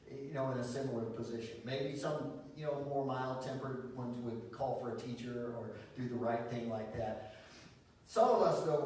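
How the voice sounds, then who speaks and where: Male pastor, mid pitch, conversational sermon with fillers; distant mic, big echoey hall. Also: a little hiss or hum. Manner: conversational, animated preaching with many fillers and restarts.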